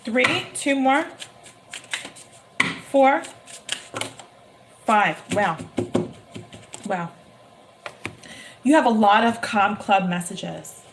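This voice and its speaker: A woman giving a live-streamed tarot reading, talking emphatically and repeating her phrases with excitement. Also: medium pitch, very slow, long pauses, noisy background. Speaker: tarot reader.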